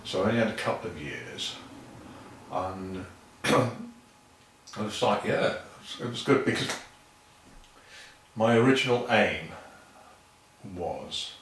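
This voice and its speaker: A man tells easygoing stories in a low voice, swears freely, and acts out other people's lines. He sits well back from the mic in a very echoey room. A little background noise hangs under him. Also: animated, takes it slowly, pauses often, fairly bright tone, distant mic. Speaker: guest saxophonist. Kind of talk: casual anecdotal storytelling.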